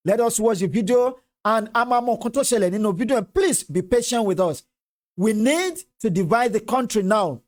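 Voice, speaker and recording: A Nigerian speaker with a Yoruba-tinged accent delivers impassioned political commentary, fervent and repetitive, switching between English and Yoruba. The voice is medium-pitched with a darkish tone.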